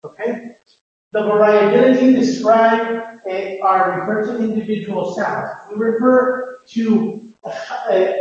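A man giving a phonetics lecture in a halting, explanatory way, often restarting his sentences. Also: sits high, a little mellow. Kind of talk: classroom lecture. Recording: echoey lecture hall, distant dull mic.

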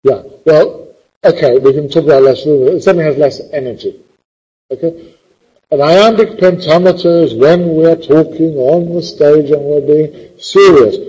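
A man lectures his class on poetry with a husky, rough-edged voice. He is animated and teasing, full of sarcastic asides. The recording is dull and lo-fi. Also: mid-range voice. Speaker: literature lecturer.

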